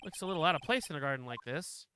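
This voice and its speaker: A man's voice: a little high, sing-song, rapid-fire, bright, forceful tone, slight background noise. A man streaming a story game, reading its text aloud with casual, swearing commentary.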